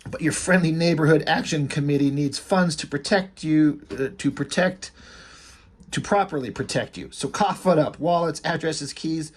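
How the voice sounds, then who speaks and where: A man's voice: a little high, moderate pace, breathy edge. A man voicing a smug, condescending male corporate villain in a comic read-along. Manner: oily, condescending.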